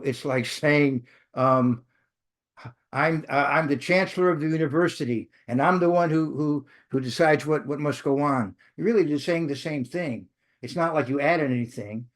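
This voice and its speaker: A man teaching a Bible study to a live group. He often restarts and corrects himself mid-sentence and stops to check that his listeners are following. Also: medium pitch. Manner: many restarts and self-corrections, engaging; checks in with the audience.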